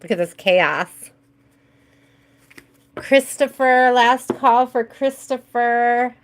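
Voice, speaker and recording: A woman's voice: fairly high pitch, extremely slow. A woman hosting a live tarot stream, chatting casually with viewers, laughing often and greeting them by name.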